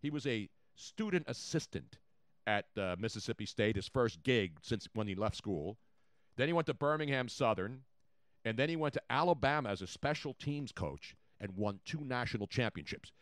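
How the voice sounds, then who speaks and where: A man hosting a sports talk show, talking in a loud, theatrical way and bantering with his co-host. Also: medium pitch, lively intonation, moderate pace, no room sound.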